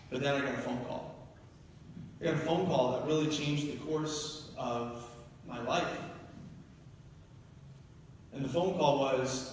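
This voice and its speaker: A man's voice: medium pitch, a little hiss or hum. A man from New Jersey giving a motivational keynote speech, telling personal stories emphatically to a live audience in a large university hall. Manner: emphatic storytelling, building to urgent peaks. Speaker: keynote speaker. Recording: echoey hall, heard from far off.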